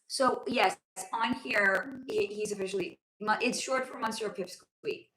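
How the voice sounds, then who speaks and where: Hoarse woman hosting a chatty livestream. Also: medium pitch, measured pace, sharp tone. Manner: chatty, calls viewers honey and sweetie, swears freely. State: hoarse, losing her voice. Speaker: livestream host. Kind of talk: casual livestream chat reading viewer comments. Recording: roomy echo.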